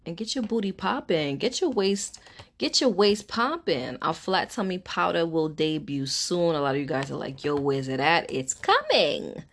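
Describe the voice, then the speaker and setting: Brash young woman, low voice, chatty slangy sales pitch with laughs. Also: animated, normal speed. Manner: playful, slangy. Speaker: business owner promoting her products. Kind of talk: promotional pitch.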